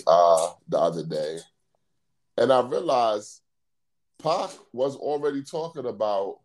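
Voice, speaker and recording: A man chatting casually about music, animated and excitable. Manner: animated, jumps high in pitch when excited.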